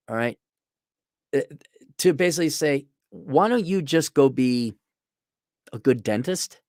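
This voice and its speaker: Middle-aged male host, sarcastic ranter, lively up-and-down delivery, dry close sound. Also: a little high, a little slow, no echo. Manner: sarcastic, ranting, mocking voices. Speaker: podcast host. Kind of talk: opinionated monologue.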